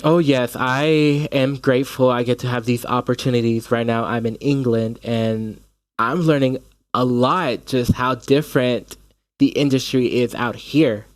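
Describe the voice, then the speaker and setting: A young man, a stage actor from the United States, chatting in an interview with animated storytelling and frequent restarts. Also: mid-range voice, unhurried, no room sound. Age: young adult. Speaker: actor guest. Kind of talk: casual interview chat.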